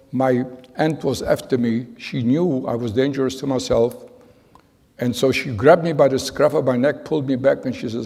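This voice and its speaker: Man in his 90s, survivor giving testimony; husky, gravelly voice, earnest and halting, echoing through a big hall. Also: medium pitch, darkish tone. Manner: halting, earnest storytelling with repeated phrases. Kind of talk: spoken testimony to an audience. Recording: long reverb of a large hall.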